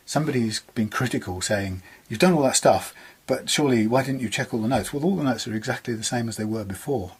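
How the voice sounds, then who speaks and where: A man's voice: on the low side, husky. A man with an English accent chatting casually about a guitar repair in his workshop, rambling and bemused, laughing often.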